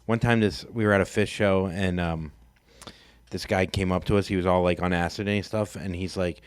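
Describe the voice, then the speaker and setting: A man's voice: low voice, steady tone, normal speed, clear, resonant tone, dry recording. Guy cohost rambling thru stories, swears a lot, dry close sound. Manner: rambling, swears freely, laughs at his own stories. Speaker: podcast co-host. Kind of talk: casual chat.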